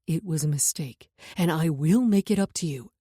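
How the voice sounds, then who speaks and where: A woman narrator voicing a steady, persuasive man who speaks low, calm and commanding in an audiobook. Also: moderate pace, husky, dry recording, clean studio sound.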